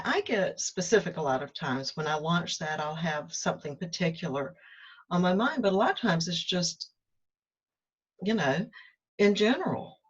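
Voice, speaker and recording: A spiritual self-help host speaks in a deep, husky woman's voice, candid and casual as she reflects aloud. She jokes at her own expense and acts out her inner dialogue, all captured on a muffled lo-fi recording.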